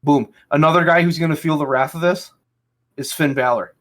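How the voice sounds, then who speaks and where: A man's voice: fairly high pitch, fairly quick, a bit bright. A man hosting a casual podcast chat, ranting angrily and swearing heavily. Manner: angry ranting, heavy swearing. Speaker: podcast host.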